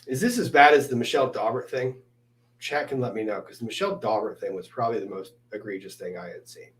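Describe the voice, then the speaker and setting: A man in a relaxed, chatty mood, hosting a conversation over drinks. He often turns away from his guest to speak to the viewers watching live. His voice sits at an ordinary middle pitch. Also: quick pace. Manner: chatty, addresses the live chat directly. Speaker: host, lawyer livestreaming with a guest. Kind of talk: casual chat over drinks.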